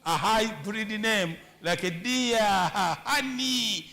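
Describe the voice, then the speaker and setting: A man's voice: high voice, lively intonation, slow pace, pushed and bright. A man preaching a humorous sermon on marriage in a church, with a Ugandan English accent, often repeating and stumbling over words.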